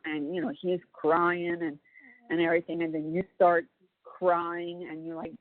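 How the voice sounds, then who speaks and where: A woman with a lowish voice talks slowly and rambles through a retelling, full of "uh" and "you know" and restarts. The sound is a dry, tinny prison phone line. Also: little pitch movement, no echo. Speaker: family member on a prison phone call. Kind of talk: casual phone chat.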